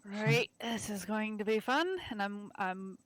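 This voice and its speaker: A woman's voice: medium pitch, measured pace, fairly bright tone. A woman playing a tabletop game, wry and playful in her remarks. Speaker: player. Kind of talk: casual tabletop game play.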